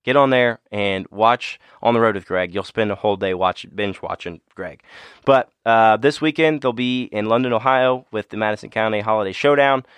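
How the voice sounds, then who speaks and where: A man's voice: fairly low pitch, moderate pace, fairly bright tone, smooth, dry recording. A man co-hosting a podcast, upbeat and promotional as he chats and plugs sponsors. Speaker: podcast co-host. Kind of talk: casual chat with ad reads.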